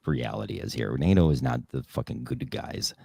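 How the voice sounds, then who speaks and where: A man's voice: rumbling low, animated, normal speed, gravelly, a little mellow, husky, no room sound. A man in a heated casual debate, blunt and dismissive, swearing often. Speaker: podcast co-host.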